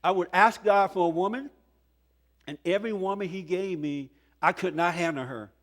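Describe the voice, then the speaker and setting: An older man in his sixties tells his own story to a conference audience. His voice sits a touch high for a man, and he speaks earnestly, with chuckles and emphatic peaks. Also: normal speed, fairly bright tone. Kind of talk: testimony talk to a conference audience. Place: conference hall.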